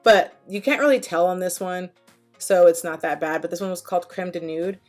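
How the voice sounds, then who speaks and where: A woman's voice: fairly low pitch, fairly quick, darkish tone, soft background music. A woman chatting casually as a beauty vlogger, rambling and self-deprecating with lots of fillers. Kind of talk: casual voice-over chat. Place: home, at her desk.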